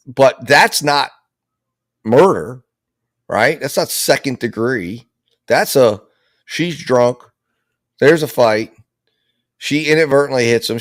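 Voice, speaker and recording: A man's voice: mid-range voice, no echo, studio quality. A man giving casual, rambling commentary on a criminal trial, with lots of restarts and repeated words.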